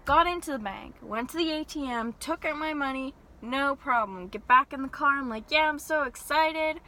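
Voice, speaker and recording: A young woman telling an animated, exasperated story-time rant from her parked car. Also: sits high, moderate pace, low-quality recording. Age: young adult. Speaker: vlogger.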